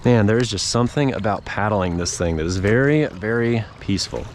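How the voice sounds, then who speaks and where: A man's voice: lowish voice, animated, fairly quick, a little mellow, slight background noise. A man giving casual running commentary while fishing from a paddle board on a lake, chatting to the fish and his viewers. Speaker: fishing vlogger.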